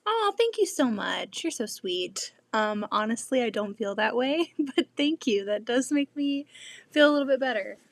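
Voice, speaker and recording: A woman's voice: on the high side, big pitch swings, normal speed, gravelly, no echo. A woman hosting a casual quilting live stream, chatting with viewers in her home sewing room, often using "like" as a filler.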